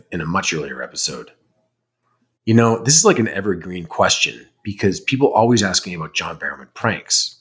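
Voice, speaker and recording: A man's voice: lowish voice, a bit bright. A man in casual chat answering fan questions, rambling and candid, swearing now and then. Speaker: podcast host, actor.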